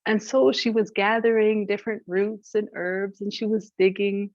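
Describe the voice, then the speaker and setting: A woman storyteller from Canada tells a creation tale in a lively, expressive voice. Her voice sits in a middle range. The recording is dull, dry and lo-fi. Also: medium pitch, normal speed, no room sound. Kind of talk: oral storytelling to an audience.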